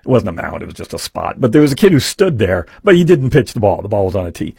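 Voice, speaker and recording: A man's voice: lowish voice, sing-song, fast, gravelly, a little mellow, breathy edge, no room sound. A man hosting a talk radio show, telling a rambling story full of fillers into a studio microphone. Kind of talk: casual talk radio monologue.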